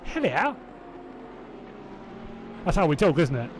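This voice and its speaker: Chatty southern English race commentator. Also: male voice, fairly high pitch, sing-song, slow, slight background noise. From Hertfordshire, England. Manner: chatty and rambling, self-doubting asides, laughing to himself. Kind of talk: live sim racing commentary, chatting with viewers.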